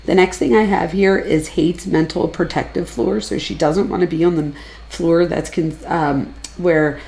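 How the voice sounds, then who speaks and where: A woman's voice: on the low side, fairly even intonation, unhurried, gravelly, darkish tone. A woman giving casual, analytical true crime commentary, chatting freely and lifting her voice when she quotes people.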